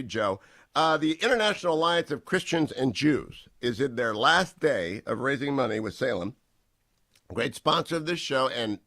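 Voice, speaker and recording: A man hosting a talk radio show, bantering briskly and reading out a donation number. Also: mid-range voice, bright, forceful tone, dry recording.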